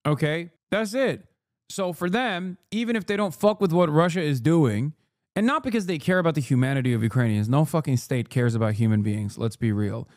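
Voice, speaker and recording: A man's voice: a little high, a little mellow, no echo, studio quality. A man in his thirties doing live-stream political commentary, profane and combative, firing back at chat. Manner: profane, combative, rapid asides.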